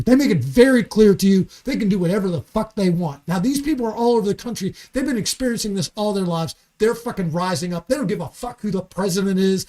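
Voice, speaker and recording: A man's voice: sits high, a little mellow. A man guesting on a studio podcast, speaking with heat and force. He leans hard on his words, swears freely and keeps pushing his point. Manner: heated, emphatic, swearing freely. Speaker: comedian guest. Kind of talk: podcast conversation.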